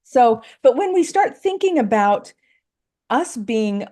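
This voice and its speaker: A woman's voice: fairly high pitch, sing-song, slow, mellow. A woman life coach talking earnestly on a podcast, explaining ideas step by step. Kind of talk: podcast conversation.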